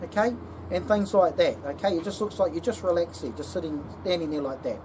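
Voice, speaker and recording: A woman's voice: lowish voice, brisk. A woman giving a casual security training demonstration, often checking in with "okay?". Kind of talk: instructional demonstration. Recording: distant mic with background noise.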